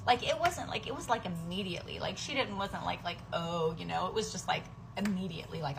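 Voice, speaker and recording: A woman's voice: on the low side, normal speed, creaky. Angry profane woman ranting, noisy background. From United States. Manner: angry, profane, emotional rant. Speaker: working mother. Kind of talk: vlog rant to camera.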